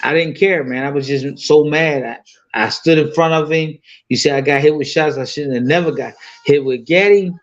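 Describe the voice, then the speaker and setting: Guy in his 50s telling an old fight story, cussing a lot, kinda high voice, dull lo-fi sound. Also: normal speed. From United States. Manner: loose, profane street talk with many fillers. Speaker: boxing guest. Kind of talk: casual storytelling.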